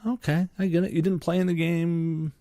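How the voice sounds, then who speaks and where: A man's voice: fairly high pitch, level tone, normal speed, dark tone, no echo, clean studio sound. A young man, co-hosting a podcast and ranting sarcastically about sports, swearing freely. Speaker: podcast co-host. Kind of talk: solo sports podcast rant.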